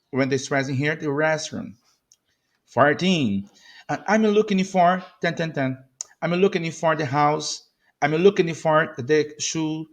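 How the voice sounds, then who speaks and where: A Brazilian man with a fairly high voice leads a beginner pronunciation drill. He says each phrase several times, stretching the stressed words. His English carries a clear Portuguese accent. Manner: repeats phrases slowly with exaggerated stress, switching into Portuguese asides. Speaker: English teacher. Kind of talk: pronunciation lesson with model phrases.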